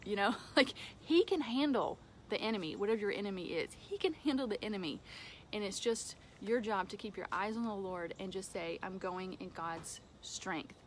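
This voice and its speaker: A woman giving an informal devotional talk from home, conversational, with fillers and soft laughs. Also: mid-range voice, animated, brisk, a little hiss or hum. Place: home with a dog nearby.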